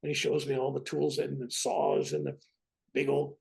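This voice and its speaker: A man in his seventies, a podcast guest telling a personal story in an animated, wry conversational way. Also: medium pitch, normal speed, vocal fry. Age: 70s.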